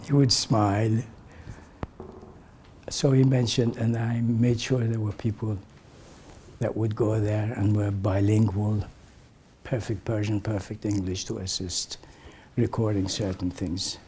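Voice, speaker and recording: An older man telling stories to a gathered audience at an unhurried, deliberate pace. His voice sits a little low and often sinks into a soft, breathy near-whisper, with a faint hush of room sound behind him. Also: flat delivery, slight background noise. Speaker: community elder sharing memories. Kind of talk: reminiscing talk to a gathering.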